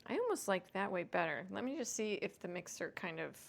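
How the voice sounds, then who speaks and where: A woman's voice: mid-range voice, big pitch swings, a little fast, creaky, slight background noise. A woman hosting a home cooking vlog, chatting casually and self-deprecatingly to viewers as she cooks. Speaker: home cooking show host.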